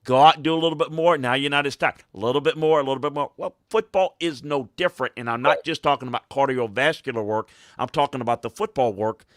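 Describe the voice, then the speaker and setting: A man's voice: medium pitch, fast talker, hardly any pauses, dry recording, studio quality. A man talking football as a coach on a podcast, emphatic and hammering points home by repeating phrases. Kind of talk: casual podcast talk.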